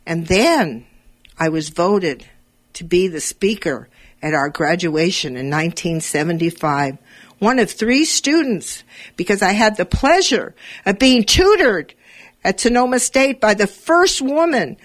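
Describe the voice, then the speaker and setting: A woman in her eighties hosting a live radio talk show, telling a personal story and lifting her voice when she quotes herself. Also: a little high. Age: 80s. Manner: animated, voice rises when quoting herself. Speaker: radio host.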